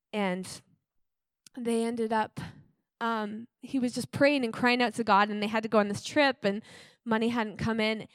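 Chatty, enthusiastic higher-voiced woman. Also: dry recording. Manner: enthusiastic, chatty storyteller with many fillers. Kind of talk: casual faith testimony.

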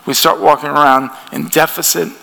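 Gravelly, bright-voiced man preaching in a hall. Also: on the high side, fairly even intonation, moderate pace. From United States. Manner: earnest, conversational preaching with restarts. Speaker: pastor. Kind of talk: sermon. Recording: long hall reverb.

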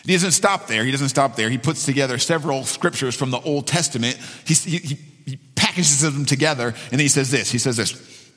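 A man's voice: mid-range voice, a little fast, fairly bright tone. A man preaching a sermon as pastor, earnest and repeating key phrases for emphasis. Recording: long hall reverb.

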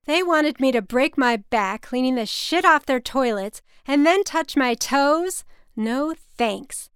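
A woman's voice: sits high, expressive, takes it slowly, clean tone, dry recording, clean studio sound, pitched above the performer's own voice. Woman putting on a brash, brassy paranoid mother. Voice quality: brassy and blunt.

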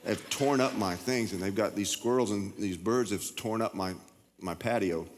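A middle-aged man preaching in a low, folksy voice, circling back and restarting his words as he talks. His voice rings out with a long reverb through a large church hall. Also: normal speed. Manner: folksy, repetitive, stammering. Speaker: pastor. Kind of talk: sermon.

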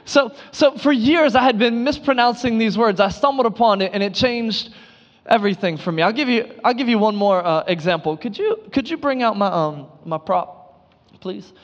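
A man preaching a sermon, telling playful everyday stories with mock surprise and animated delivery. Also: high-pitched, normal speed, in a large hall, muffled recording. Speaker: pastor.

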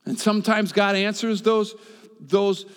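Male pastor, impassioned sermon delivery, fairly high voice, loud peaks and hushed asides, long hall echo. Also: a little slow, clean tone. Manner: impassioned, swings from loud and high to soft, repeats himself.

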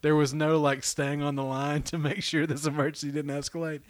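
A man's voice: a little high, brisk, dry recording. A middle-aged man with a drawl tells a story on a casual podcast. He swears freely and acts out the voices of the people in it. His voice is dry and close to the mic. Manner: animated storyteller, acts out quotes, laughs often, swears freely.

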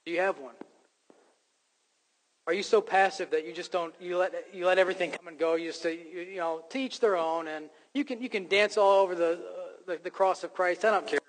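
A pastor gives a fairly quick sermon with fairly even intonation, his voice sitting high for a man. He preaches emphatically and earnestly, poking fun at himself, while the church sanctuary's long reverb rings out.

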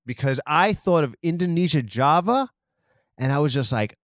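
A man's voice: on the high side, expressive, moderate pace, no room sound, clean studio sound. A man hosting a comedy podcast, riffing crudely and rambling on news headlines. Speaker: podcast host.

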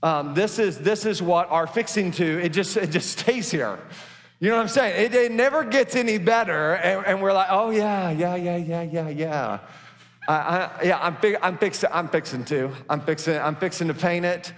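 A man's voice: high-pitched, moderate pace, a bit bright, big-room sound. A man preaching a sermon as pastor, folksy and stumbling over his words with many restarts, in a church.

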